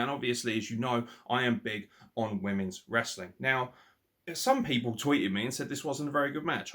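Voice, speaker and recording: Male podcast host, casual, opinionated, sweary, animated delivery. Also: medium pitch. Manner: animated, sweary, mocking impressions.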